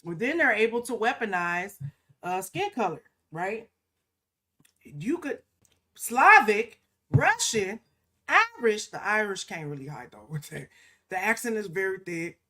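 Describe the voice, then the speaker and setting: A woman's voice: mid-range voice, big pitch swings, measured pace, pushed and bright. A woman co-hosting a podcast in casual, emphatic conversation, often punctuating her points with "okay?" and slipping into mocking quoted asides. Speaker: podcast co-host.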